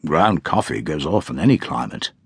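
A quiet old gentleman solicitor who pronounces on things with calm, dogmatic certainty, as a male audiobook reader puts him on. His voice sits very low, with a lively rise and fall. The sound is dry and close. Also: moderate pace, husky, no room sound, exaggerated voice. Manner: quiet, assured, relishing.

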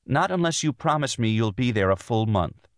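Narrating an audiobook, a man voices a tense young wife and mother who pleads her case earnestly and insistently. His mid-range voice is pushed up and lightly acted, expressive and at a moderate pace. The studio-quality audio has no room sound.

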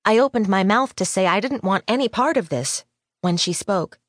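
A woman reading a first-person mystery audiobook in a measured, even storytelling manner on a studio microphone. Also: mid-range voice, no room sound. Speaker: audiobook narrator.

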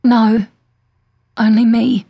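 A woman's voice: fairly high pitch, level tone, drawn-out words, creaky, warm tone, slightly rough, no room sound, voice pushed up, heavily acted. A woman voicing a young impostor who plays a timid, fragile victim in a small, pleading voice.

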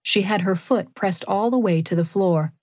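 A woman narrating an audiobook in a steady, clear manner, at a middle pitch. Her voice is close and dry, recorded on a studio mic with no room sound. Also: moderate pace, no echo. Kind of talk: scripted narration.

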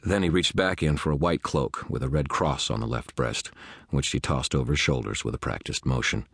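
A man's voice: extremely low pitch, brisk, gravelly, fairly bright tone, dry recording. A man narrating a first-person detective audiobook in a wry, grumbling manner, close to the mic. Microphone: close studio mic.

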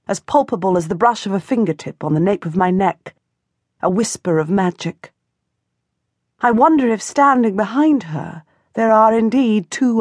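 Female audiobook narrator, mid pitch, measured and expressive, dry studio read. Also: no room sound. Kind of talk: scripted first-person narration. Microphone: close studio mic.

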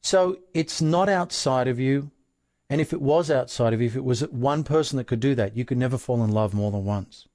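An Australian man of middle pitch talks through feelings like a self-help coach. His delivery is earnest and explanatory, and he keeps stopping to ask rhetorical questions. The sound is dry and close, with no room echo. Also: brisk, darkish tone.

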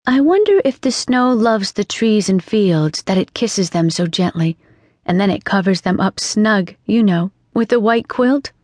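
A woman's voice: mid-range voice, expressive, measured pace, a little mellow, dry recording. A woman voicing a chatty, imaginative young girl in an audiobook, earnest and lilting. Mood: dreamy. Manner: earnest, scolding and dreamy by turns, lilting. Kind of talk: audiobook character reading. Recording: dry studio sound.

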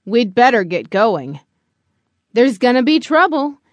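A woman's voice: a little high, very animated, a little slow, no echo. A woman voicing a small male bunny, chatty and a bit nervous, in a children's storybook.

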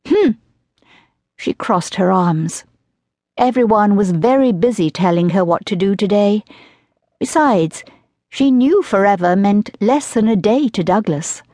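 A woman narrating an audiobook in an even, measured storytelling voice. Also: mid-range voice, no echo, clean studio sound. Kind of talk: scripted narration of a historical romance.

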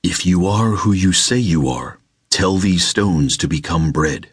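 A man narrating an audiobook, voicing a male spirit who tempts in slow, low, coaxing commands. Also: expressive, breathy edge, no echo, clean studio sound, exaggerated voice.

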